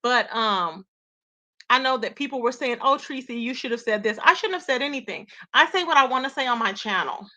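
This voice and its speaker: Animated, bright-voiced woman gossip streamer. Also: a little high, a little fast. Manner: animated, chatty, slangy, reading chat names aloud. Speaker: YouTube commentary host. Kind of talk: live-stream gossip commentary.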